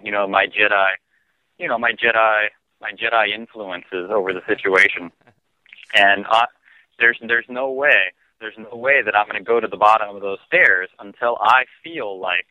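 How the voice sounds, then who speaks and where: Calm low-voiced man with constant fillers. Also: dry recording. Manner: calm, halting, full of "you know" fillers. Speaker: radio show guest. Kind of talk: personal story told on talk radio. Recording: dull lo-fi dry broadcast audio.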